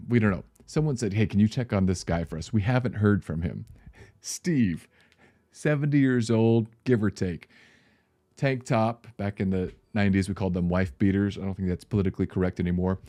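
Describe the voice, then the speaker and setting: Middle-aged male pastor, low-ish voice, casual animated vlog storyteller. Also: no echo. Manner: animated storyteller, laughs mid-sentence.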